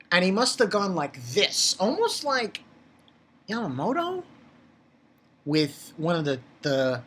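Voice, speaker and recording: Dude rambling through a manga chapter review, gets all excited and loud in spots. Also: male voice, husky. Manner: excitable and rambling, jumps up in pitch when worked up.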